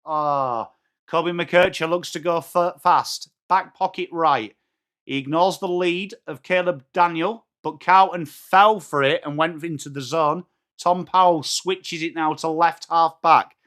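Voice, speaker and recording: An English man commentates football live for a watchalong, excitable and jokey, swearing and shouting as big moments arrive. His slightly high voice is unhurried, clear and resonant.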